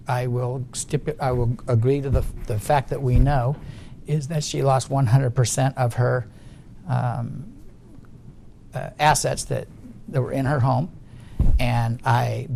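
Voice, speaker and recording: A man's voice: mid-range voice, creaky, mellow, slight background noise. A middle-aged man giving deposition testimony, guarded and insistent, often restarting his sentences. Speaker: witness in a legal deposition.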